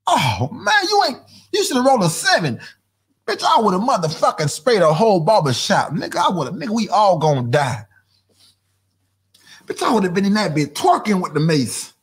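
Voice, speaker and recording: A man hosting a podcast, ranting in comic commentary with a voice that swings wildly up and down. His tone is husky and a little breathy. He talks in a loud, profane rush and keeps dropping into mock voices and sing-song chants. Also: high voice, wildly swooping pitch, normal speed. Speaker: podcast host. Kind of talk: comedic commentary rant.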